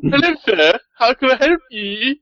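A dim-witted, servile male servant whose fake accent keeps sliding between British and Australian, as a game master puts him on. He pitches his voice up, and his lines are bouncy and eager to please. The sound is dry and a bit dull, like a lo-fi voice chat. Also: very animated, moderate pace, bright, forceful tone, no echo, full character voice. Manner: overly polite, servile, mangled put-on British-then-Australian accent.

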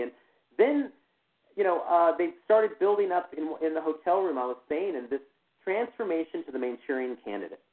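A man speaking as a guest in an interview, telling a personal account in a halting way, full of "you know" fillers and restarts. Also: fairly high pitch. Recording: tinny phone line.

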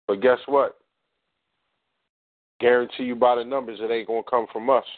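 A man's voice: mid-range voice, fairly even intonation, normal speed, long pauses, dry recording. A man co-hosts a call-in radio show, making his points in a conversational, emphatic way and speaking straight to the listeners. His voice is dry and comes through a thin, tinny phone line. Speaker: talk radio co-host. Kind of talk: casual talk radio commentary.

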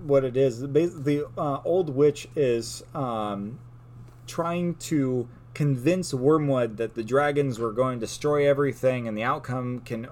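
A man co-hosts a relaxed podcast, recounting lore with an animated, storytelling manner. His voice sits at an ordinary pitch for a man, and he laughs easily between points. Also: measured pace. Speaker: podcast co-host. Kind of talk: casual lore chat.

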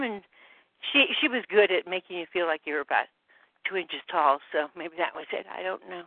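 A woman on a group phone call, slightly out of breath, talking in a halting way that trails off with many fillers. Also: mid-range voice, no room sound. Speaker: call participant. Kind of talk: rambling phone call chat. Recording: dry phone-line audio.

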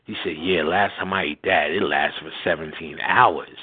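A deep-voiced man talks at a moderate pace while hosting a radio show, laughing his way through a slangy story in casual chat and acting out the quotes in different voices. He's animated throughout, and the recording sounds tinny and phone-like with clear noise.

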